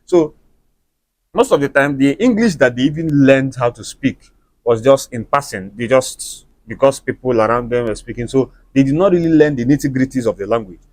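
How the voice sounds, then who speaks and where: A man's voice: mid-range voice, normal speed, no room sound. A Nigerian man with an Igbo accent, a native Igbo speaker, chatting in a casual, opinionated movie review and lecturing the listener with conversational tags.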